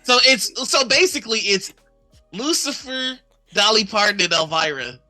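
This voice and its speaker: A man's voice: high voice, animated, moderate pace, pushed and bright, faint music behind. A man co-hosting a casual tabletop-games chat show, rambling and laughing often. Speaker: co-host.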